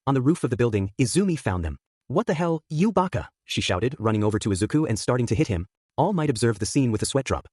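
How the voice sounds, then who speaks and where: This fanfic narrator moves at a brisk pace, his husky voice a little ragged and darkish in tone. He's animated, pitching up whenever a character speaks amid the narration. There's no room around the sound, which is dry and close-miked.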